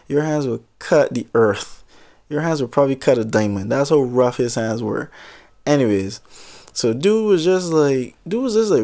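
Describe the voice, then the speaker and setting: A man telling a comic story in casual talk, animated and exaggerating, with some swearing. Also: medium pitch.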